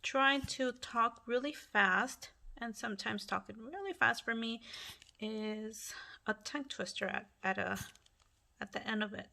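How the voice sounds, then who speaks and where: A woman's voice: fairly high pitch, measured pace, vocal fry, sharp tone. A middle-aged woman hosting a casual craft tutorial at home, chatty and apologetic, often restarting her sentences. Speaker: craft channel host.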